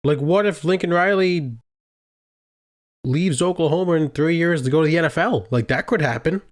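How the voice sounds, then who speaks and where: A man's voice: a little high, normal speed. A young man co-hosting a casual podcast, steadily leading the topics and asking his co-host questions. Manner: steady, leads the segments, asks questions. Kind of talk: casual chat.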